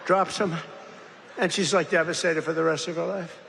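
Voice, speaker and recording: A man's voice: fairly high pitch, fairly even intonation, normal speed, creaky, fairly bright tone, slight background noise. An older man giving a rambling, boastful political speech with mocking asides, in a large industrial hall. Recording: echoey hall, faint crowd ambience.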